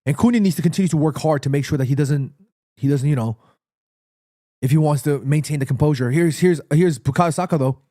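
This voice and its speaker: A man commentating live on a football match for his stream, reacting excitedly and shouting at players. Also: a little high, dry recording, studio quality. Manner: repeats himself, quick restarts. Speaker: watchalong streamer.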